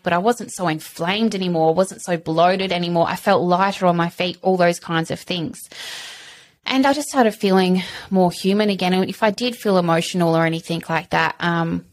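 A woman, a podcast guest telling her story frankly, full of fillers. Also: fairly low pitch. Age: 30s. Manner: chatty, frank, lots of fillers. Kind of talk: candid personal interview.

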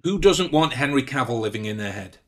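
A man co-hosting a casual podcast, rambling and halting, often laughing. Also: medium pitch, expressive. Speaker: podcast co-host. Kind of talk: casual chat.

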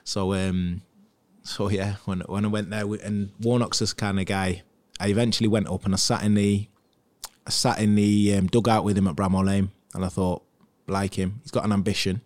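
A man's voice: lowish voice, normal speed. A man, a former professional footballer, chatting casually as a guest about his career and acting out what others said. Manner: chatty, animated, acts out quotes from others. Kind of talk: casual interview storytelling.

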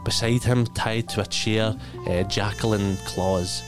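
A man narrating a tabletop game as game master, relaxed and full of fillers. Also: on the low side, measured pace, music in the background. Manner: relaxed, hesitant with many fillers.

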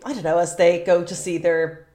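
An Irish woman hosting a casual chat, expressive and asking questions. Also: fairly low pitch, normal speed, reverberant. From Ireland. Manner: expressive, asks questions, laughs easily.

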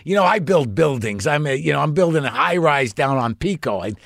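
A man doing a loud, eager builder fan. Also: a little high, expressive, brisk, creaky, no room sound, clean studio sound. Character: overexcited middle-aged male builder fan.

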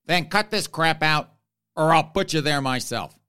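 A man's voice: fairly high pitch, unhurried, bright, forceful tone, clear, resonant tone. A man doing a fed-up, crude-talking God. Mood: scolding. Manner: grumbling, fed-up complaints. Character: exasperated male God, blunt and crude.

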